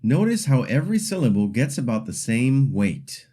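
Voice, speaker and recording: A man narrating a scripted pronunciation lesson as the teacher, deliberately modeling example sentences for learners to repeat. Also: mid-range voice, very animated, warm tone, slightly rough. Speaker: language teacher.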